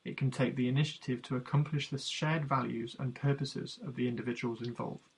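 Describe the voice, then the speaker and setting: Gravelly husky man reading his book, earnest and measured. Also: medium pitch, fairly even intonation, rough recording. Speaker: author narrating his book. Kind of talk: audiobook narration.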